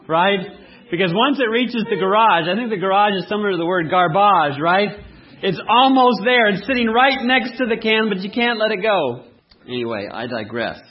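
A man preaching a sermon, asking the congregation questions and telling lively everyday stories. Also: fairly high pitch, husky, muffled recording. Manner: asks the audience rhetorical questions, animated storytelling. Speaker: pastor.

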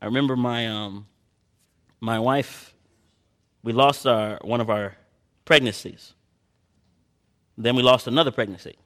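A man preaching a sermon, moving between quiet personal storytelling and loud impassioned passages, reading scripture in old-fashioned phrasing. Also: mid-range voice, a little slow, long pauses.

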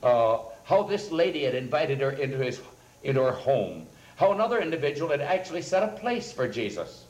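Pastor guy telling little faith stories, earnest, average pitch, echoey room. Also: big pitch swings, brisk, lo-fi sound. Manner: earnest anecdotal storytelling, quotes people in a raised voice. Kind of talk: storytelling sermon talk. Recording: roomy echoing recording.

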